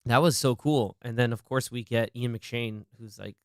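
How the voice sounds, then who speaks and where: Smooth-voiced young man, excited movie chat. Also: mid-range voice, normal speed, no room sound, studio quality. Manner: excited, acts out movie lines while retelling scenes. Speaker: podcast host.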